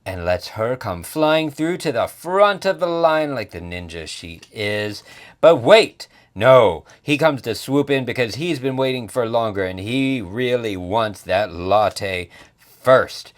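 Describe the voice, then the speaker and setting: A man's voice: mid-range voice, lively intonation, slow. A man narrating a casual board game unboxing as the channel's reviewer, joking playfully as he goes. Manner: playful, jokey commentary.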